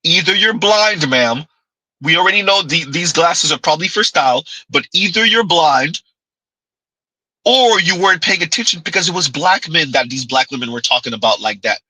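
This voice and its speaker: A man's voice: fairly high pitch, lively intonation, moderate pace, bright, forceful tone, no room sound, poor audio. A man hosting a livestream, giving mocking reaction commentary with sarcastic repetition and frequent laughter. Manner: sarcastic, laughs often, repeats lines in ridicule.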